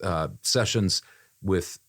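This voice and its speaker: A man with a notably low, deep voice chats on a podcast about his voiceover work. He speaks conversationally and repeats phrases as he goes. Fillers come up often. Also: takes it slowly, a bit bright. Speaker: voiceover artist. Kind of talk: casual podcast chat.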